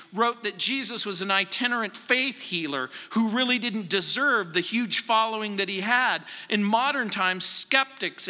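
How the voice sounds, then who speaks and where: A man delivering a verse-by-verse sermon as a pastor, measured and emphatic, stressing phrases slowly. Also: high-pitched, sharp tone, in a large hall. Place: church sanctuary.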